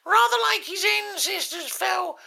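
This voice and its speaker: A gravelly old queen commentating. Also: extremely high pitch, lively intonation, moderate pace, bright, forceful tone, exaggerated voice. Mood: prim excitement. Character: elderly queen doing sports commentary.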